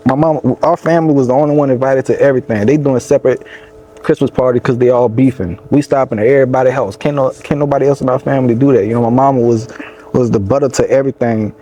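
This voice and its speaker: Mellow-voiced young Louisiana rapper. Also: male voice, medium pitch, fairly even intonation, fast talker. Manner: loose, rambling, lots of "you know what I'm saying". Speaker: rapper being interviewed. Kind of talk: casual storytelling interview. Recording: faint background noise.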